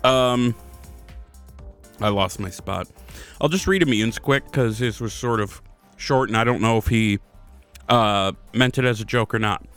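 A man's voice: lowish voice, measured pace, pauses often, a bit bright, clean tone, soft background music. A man hosting a podcast in casual chat, reading listener submissions in a laid-back, self-deprecating way. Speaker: podcast host.

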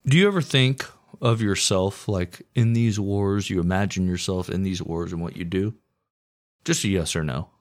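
A man's voice: deep voice, normal speed. A man hosting a casual history podcast, telling the story with crude, profane jokes.

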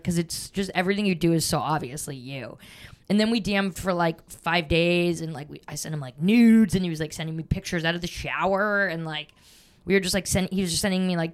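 A woman's voice: fairly low pitch, clean tone. A young woman, a comedian guest on a podcast, telling rambling, profane stories in casual chat. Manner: rambling storytelling full of "like" and swearing.

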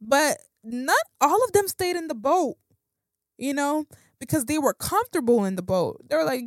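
A woman's voice: sits high, expressive, normal speed, no echo, studio quality. A woman giving a casual, conversational Bible talk, slangy and full of fillers and restarts. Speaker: Bible teacher.

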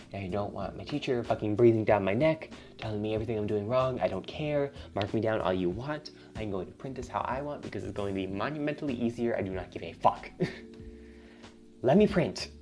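A young man, a college student, venting in a rambling, casual monologue, swearing often and getting louder as he gets worked up. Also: fairly low pitch. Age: young adult. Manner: rambling, swears a lot, voice climbs when riled up.

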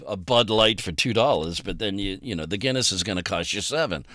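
A man's voice: low-pitched, a little fast, pushed and bright, no room sound, clean studio sound. A man hosting a casual podcast interview, joking and rambling as he talks. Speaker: podcast host.

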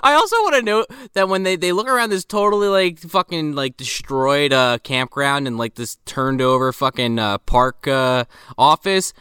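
A man's voice: a little high, normal speed, sharp tone, clear, resonant tone, no echo, studio quality. A man co-hosting a podcast, making sarcastic, profane remarks about a film. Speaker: podcast co-host. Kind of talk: casual movie discussion.

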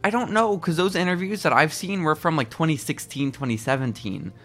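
A man co-hosting a podcast in casual chat, recapping with excitable, animated storytelling. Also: a little high, brisk. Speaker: podcast co-host.

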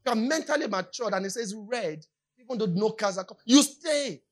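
A Nigerian woman with a Nigerian accent preaching a sermon, repeating her points and building up to shouts. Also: a little high, animated, brisk.

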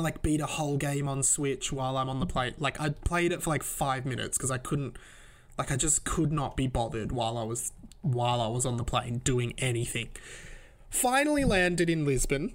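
Young aussie guy rambling about a trip, lots of "like" and "um", kinda high voice. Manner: rambling, filler-heavy, laughs at his own stories. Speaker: podcast host. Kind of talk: casual travel storytelling.

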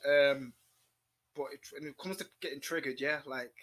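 A young man, talking quickly and emotionally in a casual podcast chat and swearing freely. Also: medium pitch, a bit bright. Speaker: podcast guest.

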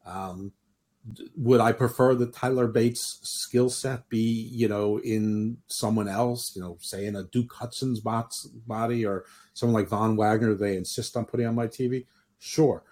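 A man's voice: fairly low pitch, steady tone, unhurried, a little mellow. A man hosting a podcast in casual chat, opinionated and rambling, often restarting his sentences. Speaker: podcast host.

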